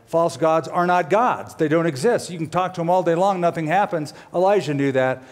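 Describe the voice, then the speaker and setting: A middle-aged man preaching a sermon, telling a story with lively, animated delivery and acting out quoted characters. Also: a little fast. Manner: animated storytelling, voices quoted characters with big pitch swings. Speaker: pastor.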